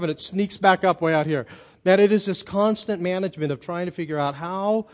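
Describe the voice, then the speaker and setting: High-voiced man preaching a sermon. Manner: storytelling, builds to loud emphatic peaks. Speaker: pastor.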